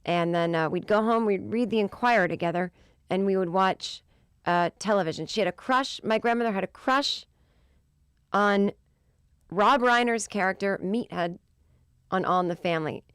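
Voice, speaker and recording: A woman in her thirties, a comedian hosting her podcast, telling rambling funny stories with lots of swearing and bursts of loud exasperation. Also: mid-range voice, normal speed, smooth, no room sound, studio quality. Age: 30s. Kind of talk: casual comedic storytelling.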